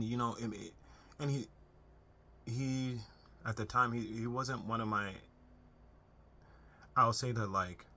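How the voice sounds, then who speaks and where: This young self-help video host has a fairly low voice with vocal fry and a sharp tone, recorded with slight background noise. Speaking earnestly to camera, he offers unscripted family-relationship advice in a conversational style full of restarts.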